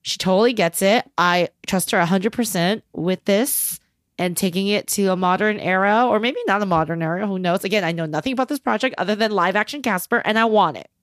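A woman's voice: mid-range voice, brisk, no echo, clean studio sound. A woman co-hosting a casual entertainment chat, enthusiastic and gushing, with casual swearing. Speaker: podcast co-host.

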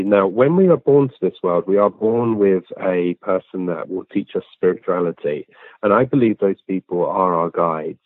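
A man's voice: deep voice, no room sound. A man, an interview guest, talking plainly and earnestly with frequent ums and restarts. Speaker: guest, physical medium. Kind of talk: relaxed conversational storytelling. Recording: tinny phone-line sound, dry.

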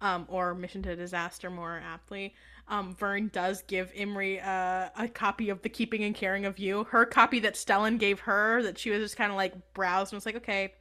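Jokey, animated woman podcast co-host with a bright, raised voice. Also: medium pitch, normal speed. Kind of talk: casual fan discussion.

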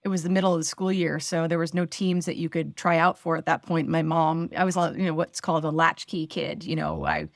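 Chatty woman in her 40s from the us northeast, kinda low voice, dry sound, lots of ums. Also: flat delivery, a little fast, gravelly, hardly any pauses, no echo. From northeastern United States. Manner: chatty, self-deprecating, many fillers. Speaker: podcast guest, athlete. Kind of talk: casual interview storytelling.

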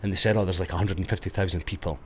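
This voice sits low and stays steady in tone, very fast, a little bright, with a breathy edge. It belongs to a middle-aged Scottish-accented man from Scotland, a casual interview guest who tells winding stories and keeps correcting himself.

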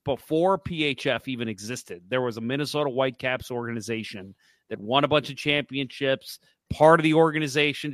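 A man's voice: medium pitch, fairly bright tone, dry recording. A man co-hosting a casual hockey podcast, talking bluntly and swearing freely, exasperated with the league. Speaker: podcast co-host.

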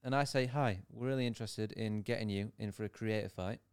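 A man's voice: lowish voice, brisk, a little mellow, clear, resonant tone. A young man from England co-hosting a podcast, chatty and playful, acting out little scenes in casual talk. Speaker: podcast co-host. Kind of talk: casual chat.

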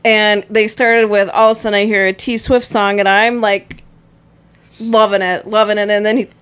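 A woman co-hosting a casual chat, telling an animated story and laughing often. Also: mid-range voice, moderate pace, clean tone. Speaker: podcast co-host.

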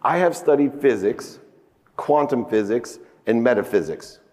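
A man delivers a motivational keynote from a conference stage through a stage microphone. He tells stories emphatically and acts out heated dialogue with rising outbursts. His mid-pitched voice rings with the long reverb of a big hall. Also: expressive, unhurried, darkish tone. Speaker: keynote speaker.

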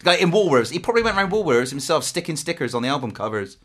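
A man's voice: a little high, racing. A man co-hosting a podcast, chatting casually and telling jokey stories. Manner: chatty, jokey, lively storyteller. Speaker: podcast co-host. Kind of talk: casual chat.

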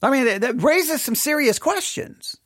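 Man teaching Bible study, high lively voice, dry close sound, animated and questioning. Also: moderate pace, no echo. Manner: animated, questioning, acts out imagined objections. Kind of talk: informal Bible study lesson.

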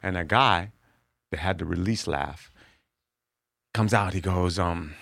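A man with a deep, low voice tells a story as a podcast guest. He is a comedian who swears freely and acts out the other people in his tale. The sound is close and dry, with no room around it. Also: a little fast, creaky, pauses often, dry recording. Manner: profane, animated storyteller acting out other people's lines.

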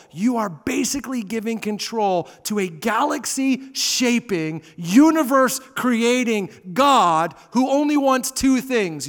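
High-voiced pastor preaching in a hall. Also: male voice, vocal fry. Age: 30s. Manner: animated preaching, swings from loud emphasis to hushed asides. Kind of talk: sermon. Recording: long reverb of a large hall.

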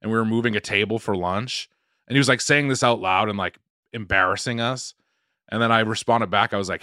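A man hosting a podcast, telling an animated story in casual chat and swearing freely. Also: fairly low pitch, a little fast, no echo, clean studio sound. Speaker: podcast host.

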